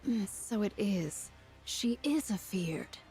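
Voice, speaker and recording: A woman's voice: mid-range voice, animated, takes it slowly, dark tone, faint music behind, voice pushed down. A woman voicing a noble lady with a stately, archaic way of speaking while reading a game story aloud.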